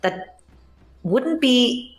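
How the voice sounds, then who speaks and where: An Irish woman who teaches the language, explaining it with lively enthusiasm in a casual interview. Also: a little high, drawn-out words, reverberant, low-quality recording. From Ireland.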